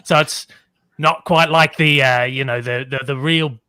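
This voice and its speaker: A man's voice: mid-range voice, steady tone, unhurried, pushed and bright, clear, resonant tone, no room sound. A man with a Melbourne Australian accent, a podcast guest chatting casually and energetically, with frequent fillers. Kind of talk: casual chat.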